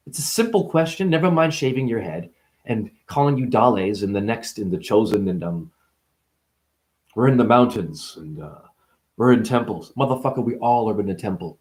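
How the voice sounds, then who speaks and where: A man rambling through a spiritual vlog monologue, punning in rapid free association, swearing and laughing as he preaches. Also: fairly low pitch, lively intonation, a little mellow. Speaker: spiritual vlogger.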